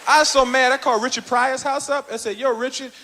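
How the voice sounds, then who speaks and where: High-pitched shouting stand-up comedian. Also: male voice, fast talker. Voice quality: loud, animated storytelling, shouting punchlines. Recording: live hall recording with crowd and hiss.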